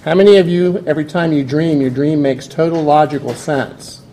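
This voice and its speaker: A man's voice: fairly high pitch, steady tone, moderate pace, warm tone, slight background noise. A man giving a classroom lecture, explaining step by step and putting questions to his students.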